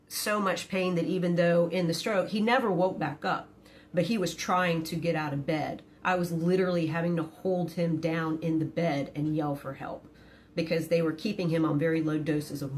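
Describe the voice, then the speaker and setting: A middle-aged woman telling a personal story in a casual storytime, blunt and profane but quiet, never raising her voice. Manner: quiet, low-key delivery.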